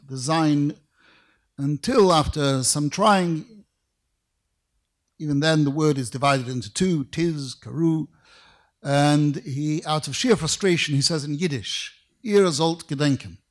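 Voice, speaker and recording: A middle-aged man lectures formally, pronouncing every syllable carefully. His voice sits somewhat high for a man, and he paces his anecdotes with measured pauses, halting fillers and dry wit. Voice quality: careful, precise diction. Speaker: rabbinic lecturer.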